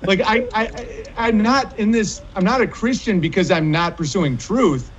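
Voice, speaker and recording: High-voiced man telling profane stories. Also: normal speed, lo-fi sound, a little hiss or hum. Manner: animated, profane storytelling. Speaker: podcast guest. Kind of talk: casual podcast conversation.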